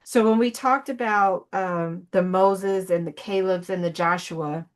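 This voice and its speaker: A woman's voice: on the low side, unhurried. A woman ministry coach giving an emotional motivational talk, earnest and pleading, blunt and sometimes profane, rambling with many fillers and restarts.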